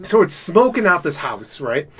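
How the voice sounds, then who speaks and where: A man with a fairly high voice tells a long, profane story as a podcast co-host. He rambles and restarts, and he gets loud and laughing as the story heats up. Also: very animated, normal speed, slightly rough. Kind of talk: casual chat.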